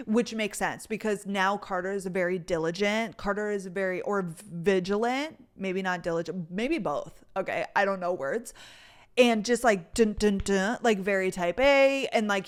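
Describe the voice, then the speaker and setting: A woman's voice: medium pitch, normal speed. Young woman rambling thru a story for her vlog, lots of "like", cusses a bunch. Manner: rambling, chatty, full of "like" and cursing. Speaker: vlogger. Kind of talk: casual storytelling to camera.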